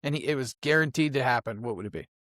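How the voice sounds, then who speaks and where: A man's voice: mid-range voice, expressive, quick pace, a bit bright, no echo, studio quality. An American man hosting a podcast, casual and loose, with fillers and easy laughter. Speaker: podcast host. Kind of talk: casual conversational interview.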